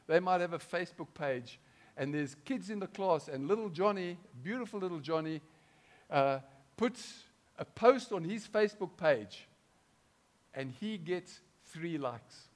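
Man, pastor mid-sermon, slightly high voice, punchy swings from loud to hushed, quizzes the flock. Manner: dynamic, swings between loud and hushed, keeps asking the congregation questions. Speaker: preacher.

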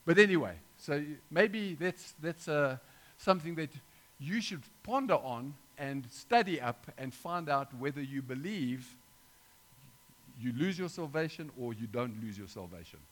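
A man's voice: fairly high pitch, lively intonation, measured pace, a bit bright. A middle-aged man preaching an informal sermon, talking conversationally with frequent restarts and asides to his listeners.

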